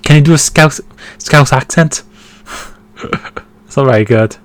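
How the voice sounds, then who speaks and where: A football stream host with a medium-pitched voice talks a little slowly, with no echo. He hosts a live watchalong, chatting casually, reading viewer comments aloud and reacting to the play.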